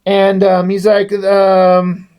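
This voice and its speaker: A man's voice: high voice, monotone, very slow, a little mellow, clear, resonant tone. Sarcastic, cursing man reviewing comics. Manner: sarcastic, profane, rambling. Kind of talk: casual comic book review.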